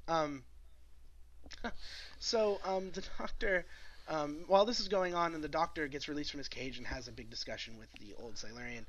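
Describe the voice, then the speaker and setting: A man's voice: fairly high pitch, fairly quick, fairly bright tone, dull audio. Rambling, laughing male podcast co-host. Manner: rambling, many fillers and laughs. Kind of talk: casual chat recapping a TV episode.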